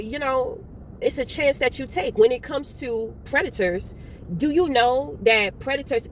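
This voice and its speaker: Blunt, high-voiced woman reading tarot. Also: a little hiss or hum. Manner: blunt and profane, animated storytelling. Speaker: tarot reader. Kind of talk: casual tarot reading monologue.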